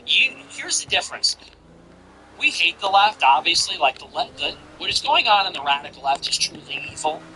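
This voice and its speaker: A man's voice: on the high side, bright, forceful tone, a little hiss or hum, rough recording. A man giving blunt, profane, mocking casual political commentary.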